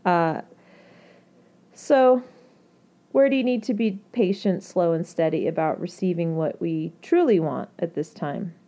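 Mellow-voiced woman giving gentle astrology talk. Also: lowish voice, expressive, a little slow. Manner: gentle, reassuring, loose with fillers and restarts. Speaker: astrology podcast host. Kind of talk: casual spiritual talk to listeners.

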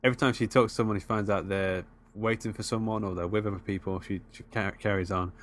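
Low-voiced guy cohosting a film podcast, laid back, lots of ums. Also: steady tone, quick pace, a little hiss or hum. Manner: easygoing, hesitant, many fillers. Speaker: podcast co-host. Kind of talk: casual film chat.

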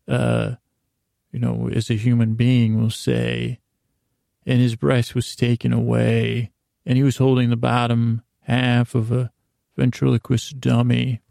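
A man's voice: mid-range voice, vocal fry, darkish tone, dry recording, clean studio sound. A man improvising a comedic story for a podcast, rambling and correcting himself with many fillers.

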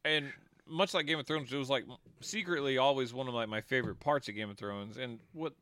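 Bright-voiced, enthusiastic man chatting. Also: medium pitch, brisk, clean tone. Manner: enthusiastic, laughs often, swears casually. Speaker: co-host discussing a TV show. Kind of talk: casual chat.

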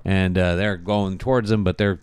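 Low, clear-voiced man rambling a recap. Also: fairly even intonation, moderate pace, darkish tone, no room sound. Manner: rambling, profane, laughs a lot. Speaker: podcast host. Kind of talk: casual TV recap chat.

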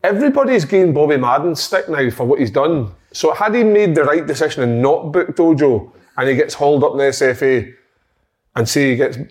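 A Scottish man co-hosting a casual football podcast, telling stories animatedly and swearing freely. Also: medium pitch. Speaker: podcast co-host.

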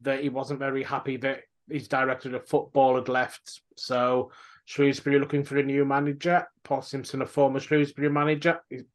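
A man's voice: medium pitch, little pitch movement, brisk. Hesitant man reading news aloud. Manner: hesitant, lots of ums, reading news as he goes. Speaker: podcast co-host giving league roundup. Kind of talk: casual podcast chat.

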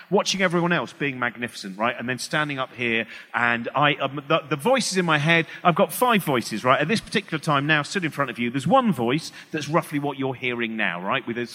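Bright, slightly high-pitched English comedian, rambling and self-deprecating, in a reverberant hall. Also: male voice. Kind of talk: stand-up style talk to a live audience. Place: hall with live audience.

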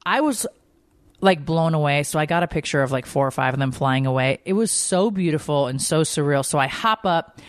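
A woman co-hosting a casual chat, telling stories with lively quoted voices. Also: sits low, brisk, no echo, clean studio sound. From Georgia, US. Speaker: podcast co-host.

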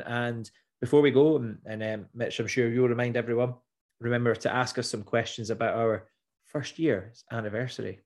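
A man co-hosting a casual podcast, relaxed and often restarting his words. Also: mid-range voice, normal speed. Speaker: podcast co-host. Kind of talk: casual chat.

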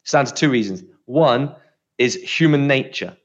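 A man's voice: mid-range voice, lively intonation, normal speed, muffled recording. A man co-hosting a podcast, chatting casually and explaining things with plenty of filler words. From United Kingdom. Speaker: podcast co-host.

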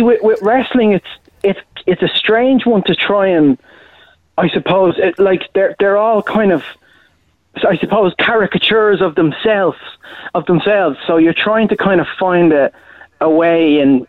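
A male impressionist answering questions in a loose, rambling way, often circling back on his own sentences. His voice sits a little high and comes through a thin, phone-like line with no room echo. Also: normal speed. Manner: rambling, frequent restarts and "you know". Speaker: impressionist guest. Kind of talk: casual interview chat. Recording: tinny phone-like line, dry.

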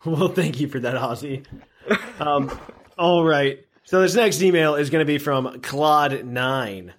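Male podcast host, upbeat, casual delivery, a little high-pitched. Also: a little slow, a little hiss or hum. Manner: upbeat, reads listener email aloud.

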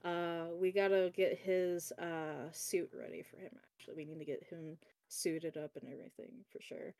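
A woman's voice: lowish voice, fairly even intonation, moderate pace, mellow, dry recording. A young woman chatting casually about her upcoming wedding plans, teasing and laughing often. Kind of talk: casual chat.

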